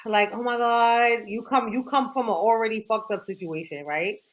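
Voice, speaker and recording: A woman's voice: a little high, normal speed, highs cut off. A young woman co-hosting a podcast, telling a dating story in candid, profane casual chat that is full of "like". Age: young adult. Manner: candid and profane, heavy use of "like". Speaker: podcast co-host.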